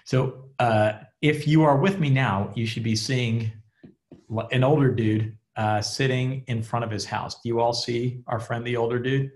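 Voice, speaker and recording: A man with a gravelly, creaky voice gives a casual online class, chatty and joking and full of fillers. He speaks into a computer mic on a video call from home. His pitch sits in a middle range. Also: steady tone, measured pace, darkish tone, a little hiss or hum. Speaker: rabbi and relationship teacher.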